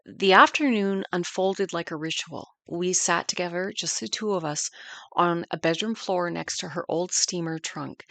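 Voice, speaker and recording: A woman's voice: on the low side, vocal fry, fairly bright tone, no echo. A woman in her fifties narrating a family war history in an earnest, reflective way. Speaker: podcast narrator.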